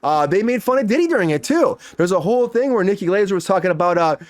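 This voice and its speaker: Fast-talking chatty man host. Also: high-pitched, expressive, no room sound, studio quality. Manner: rambling, chatty, many fillers and restarts. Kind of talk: casual entertainment news chat.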